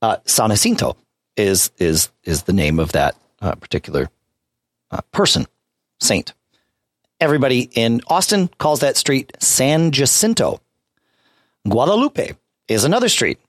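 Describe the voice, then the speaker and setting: A man's voice: lowish voice, lively intonation, moderate pace, dry recording. A man co-hosting a podcast in casual chat, explaining his points insistently, repeating himself and stammering. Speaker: podcast co-host.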